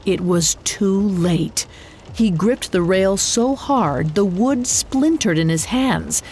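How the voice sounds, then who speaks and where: A woman narrates a scripted story at an unhurried pace with a measured, dramatic delivery. Her voice sits at an ordinary middle pitch. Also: expressive, darkish tone, a little hiss or hum. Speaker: podcast narrator.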